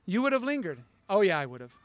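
A man's voice: sits high, very animated, fast talker, dry recording. A male pastor preaching a conversational sermon, acting out dialogue as he tells stories.

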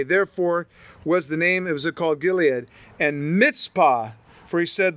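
Animated, bright-voiced male preacher. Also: fairly high pitch, normal speed, dry recording. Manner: animated, storytelling, reads scripture aloud then riffs with humor. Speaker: pastor. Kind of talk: sermon.

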